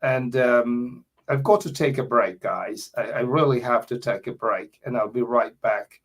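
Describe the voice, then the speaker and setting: A Guyanese man hosting a radio talk show, rambling along with plenty of fillers. His pitch sits in an ordinary middle range. He talks in a loose, chatty way. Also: unhurried, fairly bright tone.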